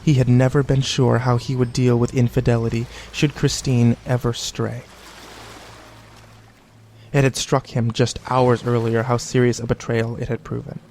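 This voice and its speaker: Gravelly male audiobook narrator. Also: mid-range voice, little pitch movement, moderate pace, darkish tone, slight background noise.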